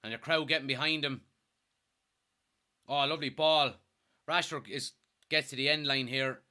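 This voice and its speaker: Excitable bright-voiced male football fan. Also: medium pitch, moderate pace. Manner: excitable, partisan, swears when thrilled. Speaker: fan watchalong host. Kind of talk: live fan commentary and chat reading.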